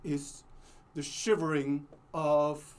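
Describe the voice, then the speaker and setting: A man teaching a cello lesson, explaining slowly and patiently with many pauses, sometimes singing the phrases he means. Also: a little high, little pitch movement. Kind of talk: music lesson with sung demonstrations.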